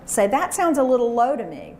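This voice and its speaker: A fairly high-voiced woman leads a workshop before a live audience. She coaches with energy and gets the room to chant back. The sound is echoey, with a faint hum behind her. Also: very animated, brisk, darkish tone. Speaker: speaker leading a workshop.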